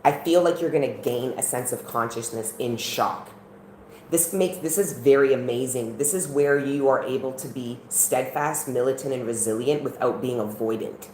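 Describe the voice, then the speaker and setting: A woman's voice: extremely low pitch, normal speed, darkish tone. A woman reading tarot on a live stream at home, talking earnestly and chattily straight to her viewers. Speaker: tarot reader. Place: at home in the country. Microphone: camera on a live stream. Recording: roomy with faint background noise.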